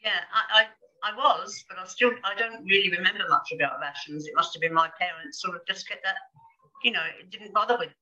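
An older woman speaking as a guest on a casual podcast, with a very bright, sharp tone. She explains things earnestly and gently, stopping now and then for a short filler. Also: mid-range voice, fairly quick, muffled recording. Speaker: retired pastoral assistant, guest.

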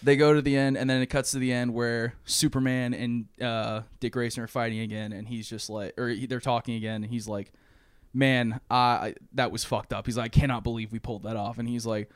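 A man's voice: mid-range voice, a little fast, smooth, no room sound, studio quality. A young man on a podcast, casually retelling a movie plot and acting out the characters' lines with plenty of swearing. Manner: animated storytelling, acting out characters' lines, frequent swearing and laughs. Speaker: podcast co-host.

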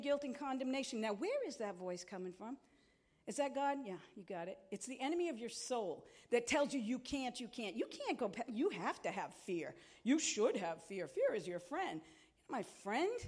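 A woman's voice: high-pitched, a little mellow. Impassioned woman pastor preaching. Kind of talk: sermon.

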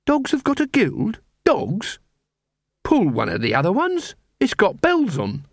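A male reader voicing a sharp young woman who is a werewolf in dog form, with indignant, quick retorts. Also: high-pitched, wildly swooping pitch, breathy edge, no room sound, clean studio sound, voice pushed up, full character voice. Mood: tart.

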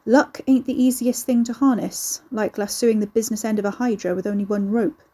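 Brief: a woman playing a surly, mocking young man in a storybook reading; husky, mellow tone. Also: a little high, fairly even intonation, a little fast. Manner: sneering, cursing.

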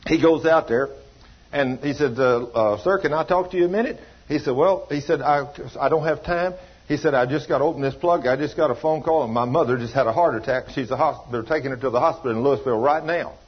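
A man's voice: mid-range voice, fairly quick, husky, highs cut off. A man preaching a sermon, telling a story and acting out the voices of the people in it, in a folksy, down-home way. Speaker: pastor.

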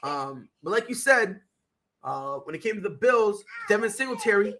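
A young adult woman hosting a sports podcast, telling stories in an animated, slangy way with lots of restarts and tag questions. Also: mid-range voice, normal speed. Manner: animated storyteller, slangy, full of restarts and "right?". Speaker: podcast host. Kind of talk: casual sports chat.

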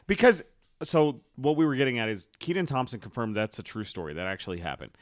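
Male podcast host, mid-pitched, rambling and crude, dry sound. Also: expressive, fast, no echo. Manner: rambling, profane, many restarts. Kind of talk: casual chat.

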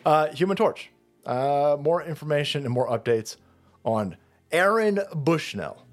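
A foul-mouthed man rants in a mocking tone, his fairly high voice swinging wildly from low grumbles to sharp peaks. He talks like a commentary host tearing into his targets, with faint music playing underneath. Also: lively intonation, measured pace. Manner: foul-mouthed, mocking, loud outbursts with laughs. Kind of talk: profane political rant.

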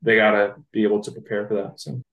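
A man's voice: fairly low pitch, little pitch movement, fast, fairly bright tone, roomy sound, muffled recording. A man co-hosting a sports podcast, chatting casually and thinking aloud with frequent fillers. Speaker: podcast co-host.

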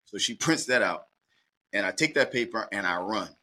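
A middle-aged man from Baltimore tells a personal story as an interview guest. His voice sits low but comes out bright and forceful. He keeps it animated and slips into the other people's lines as he goes. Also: moderate pace. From Baltimore, USA. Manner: lively anecdotal, acts out dialogue.

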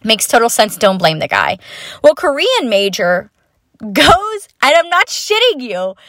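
A woman in her twenties hosting a podcast, telling stories from her college years in a chatty, self-mocking way with casual swearing and quick asides. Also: a little high, very animated, fairly bright tone, dry recording, clean studio sound. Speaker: podcast host. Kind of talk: unscripted storytelling monologue.

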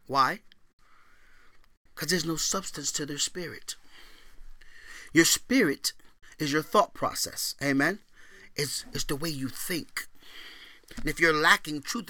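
A man preaching a sermon as pastor, booming out scripture readings and dropping to quiet conversational asides, asking for amens. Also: no echo.

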